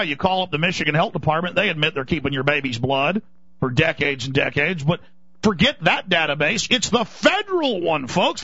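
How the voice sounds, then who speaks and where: A high-pitched, bright-voiced man rants urgently on talk radio, indignant and insistent. The sound is dry and close but muffled and lo-fi, like an old radio broadcast. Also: no echo. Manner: urgent, indignant ranting with mocking put-on voices. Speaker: radio talk show host.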